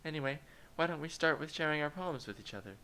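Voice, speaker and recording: A man's voice: fairly high pitch, animated, quick pace, sharp tone, slight background noise, pitched above the performer's own voice. A man lightly voicing a cheerful teenage schoolgirl who leads a club, with a sweet, reassuring manner.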